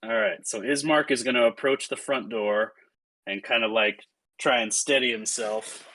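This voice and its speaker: A man narrating a tabletop game as game master, often pausing with filler sounds. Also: on the low side, pushed and bright, poor audio. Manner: hesitant, with frequent filler sounds.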